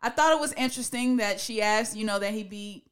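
A woman's voice: a little high, fairly quick, smooth. Lady podcast host chatting, opinionated, laughs a lot. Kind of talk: casual chat.

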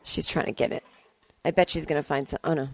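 A woman's voice: low-pitched, fairly even intonation, fast, no echo, soft background music. A woman giving casual, playful commentary on a movie at home, chatty and full of gushing exclamations. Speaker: vlogger. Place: family home indoors.

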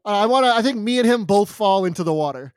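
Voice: medium pitch, expressive, fast talker, noisy background. A player in a tabletop game speaking in an easygoing way. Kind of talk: tabletop role-play.

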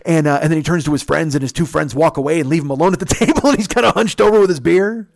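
Male podcast host, casual storyteller, swears a lot, animated impressions, slightly high, dry close mic. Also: very fast, creaky, no echo. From United States. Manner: animated, profane, mimics others with pitch jumps.

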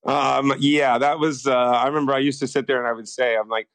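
Talking fast in a mid-range voice, this American actor spins stories during a casual interview, rambling with many restarts. He's animated, acting out quotes, and the recording is dry.

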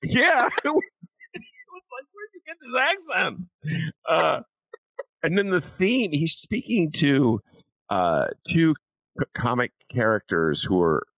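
A man's voice: on the high side, very animated, slow, pauses often, a bit bright, no room sound. A man hosting a political talk podcast, rambling with many fillers and mock voices. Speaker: podcast host.

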